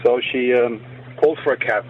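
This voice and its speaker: A man calling in to a radio phone-in, telling a story in a deadpan way. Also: medium pitch, a little fast. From West Midlands. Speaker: caller. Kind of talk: phone-in prank call. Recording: dull phone line with faint noise.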